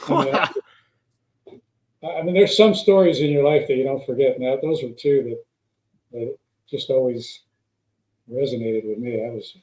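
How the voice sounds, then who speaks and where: Man, mellow voice, rambling storyteller, echoey room. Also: medium pitch, expressive, measured pace, long pauses. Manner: rambling anecdotes with restarts. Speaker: guest, former stunt pilot. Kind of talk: storytelling in casual chat. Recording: roomy echo.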